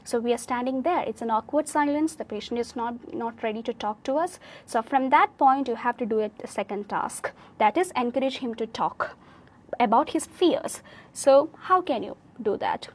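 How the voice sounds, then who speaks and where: Woman with Indian English accent, live online teacher, encouraging, fairly high voice, keeps asking okay. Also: normal speed. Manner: encouraging, corrects students' sentences, frequent "okay?". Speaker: OET speaking teacher.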